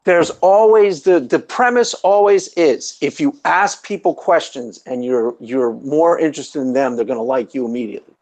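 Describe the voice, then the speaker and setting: A man hosts a casual interview with a voice a little higher than most men's. He talks in a relaxed, easygoing way and readily agrees with his guest. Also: normal speed. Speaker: interview host. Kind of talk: casual conversation.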